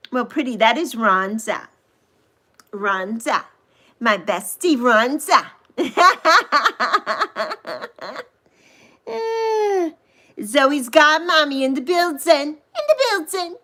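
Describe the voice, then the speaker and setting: Bright high-voiced lady in her 60s chatting on a livestream, bouncy, unhurried, cooing at her viewers. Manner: gushing, drawn-out coos and squeals greeting viewers. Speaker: livestream host. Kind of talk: casual livestream chat reading viewer comments.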